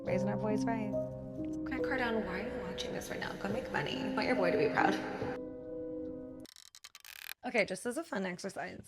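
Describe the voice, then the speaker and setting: A woman's voice: mid-range voice, fast talker, over loud music. A woman hosting a comedic monologue, riffing playfully with jokey asides that sometimes drop to a whisper. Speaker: host.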